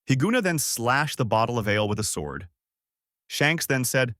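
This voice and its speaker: A man's voice: medium pitch, normal speed, no echo, clean studio sound. A man reading a fan-made story aloud, then signing off casually to viewers. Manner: animated storytelling, casual sign-off. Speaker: channel host and narrator.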